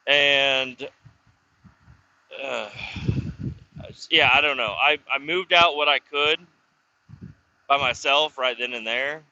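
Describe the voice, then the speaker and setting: A man with a very bright, sharp, tense voice spins a rambling, profane story, stumbling over restarts and acting out who said what. It is a dull, lo-fi self recording. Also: mid-range voice, takes it slowly, long pauses, no echo. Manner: profane, rambling, full of restarts and acted dialogue. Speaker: vlogger telling stories. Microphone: self-recorded camera or phone mic.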